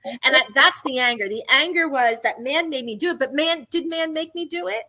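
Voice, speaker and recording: A woman's voice: sits high, brisk, bright, forceful tone. A woman telling her own story in casual chat, emphatic and exclaiming at times.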